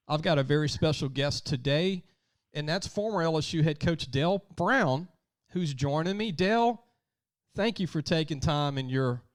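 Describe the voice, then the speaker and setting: A man from hosts a sports podcast. His voice sits a little higher than most men's, and he talks in a friendly, chatty way, sharing stories of his own. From Louisiana. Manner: chatty, tells personal anecdotes, laughs easily. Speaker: podcast host. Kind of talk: casual interview chat.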